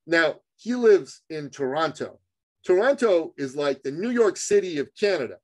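High-voiced emphatic man, punchy delivery. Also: animated, moderate pace. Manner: emphatic, acts out both sides of conversations; punchy, repeats phrases for emphasis. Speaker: guest sales coach. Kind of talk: animated podcast storytelling.

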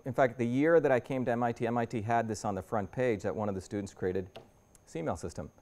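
A man in his fifties speaks as a guest lecturer in a university lecture room. His voice sits at an ordinary middle pitch. He talks the audience through his slides in a loose, conversational way and often restarts his sentences. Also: fast, a little mellow.

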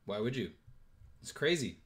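A man's voice: mid-range voice, very animated, normal speed, very noisy. A man hosting a live-stream auction, joking with bidders and counting down bids. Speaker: auction host.

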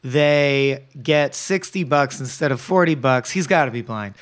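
A man co-hosting a podcast, recapping and explaining a film in a relaxed, thoughtful way. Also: medium pitch, a little slow. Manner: analytical, recaps and explains at length. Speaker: podcast co-host. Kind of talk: casual film discussion.

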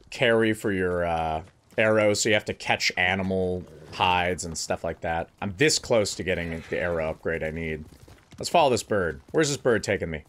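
Let's-play host: man, lowish voice, very lively pitch, playful and jokey commentary. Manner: playful, jokey, talks to game characters. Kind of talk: casual gameplay commentary.

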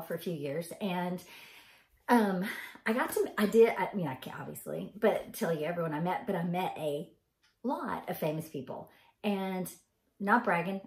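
Chatty Southern woman, lowish voice. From Arkansas, US. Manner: chatty, rambling, many ums and y'alls. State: tired. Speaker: vlogger. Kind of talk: casual storytelling. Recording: echoey room.

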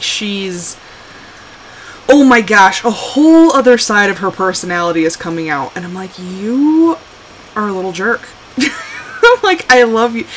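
A woman's voice: fairly high pitch, fairly bright tone, slight background noise, low-quality recording. A woman streaming a survival game live, chatting casually and exclaiming, scolding her game character as she plays. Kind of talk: casual live gameplay commentary.

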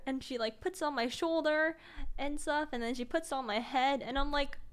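A young woman streamer telling a story casually, acting out the quotes in a higher voice and laughing often. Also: brisk, clean tone.

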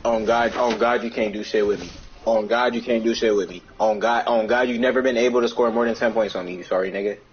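A man's voice: lowish voice, fairly even intonation, fast talker, muffled recording, slight background noise. A young man gaming with friends, taunting them nonstop with profane, repetitive insults over voice chat. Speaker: gamer streaming with friends. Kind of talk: trash-talking voice chat.

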